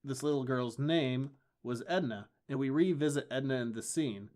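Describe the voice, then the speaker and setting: A man co-hosting a podcast, chatting casually as he recaps comic book issues. He is wry and enthusiastic. His voice sits at an ordinary middle pitch. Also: a little mellow. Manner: enthusiastic, wry, acts out lines in quick bursts. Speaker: podcast co-host.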